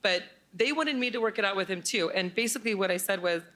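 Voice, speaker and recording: A woman's voice: mid-range voice, fast talker, bright, forceful tone. A woman in her forties telling a true personal story live on stage, candid and blunt, swearing casually.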